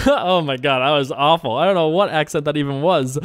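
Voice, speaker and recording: A man casually commenting on his own online poker play as host, rambling and relaxed with frequent filler words. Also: on the high side, fairly quick, smooth, no echo, studio quality. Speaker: poker player and show host.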